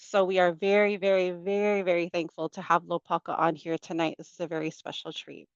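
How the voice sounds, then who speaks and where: A woman's voice: on the low side, flat delivery, a little fast, dry recording. A woman hosting an online event, introducing a guest with enthusiasm and repeated emphasis. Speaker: event host. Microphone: video call. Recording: dull lo-fi video call audio.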